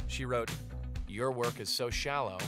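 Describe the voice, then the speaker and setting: A man's voice: mid-range voice, unhurried, loud music behind the voice, lightly acted. An actor playing a young man who wryly narrates his infatuation in a film voice-over.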